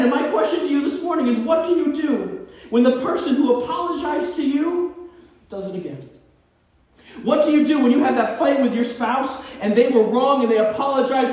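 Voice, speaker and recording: A male pastor preaches with a notably high voice, swinging between loud emphasis and near-whispered points. He sounds distant, as if miked from afar in a large, echoing church sanctuary. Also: lively intonation, moderate pace. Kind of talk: sermon. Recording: echoey church from far off.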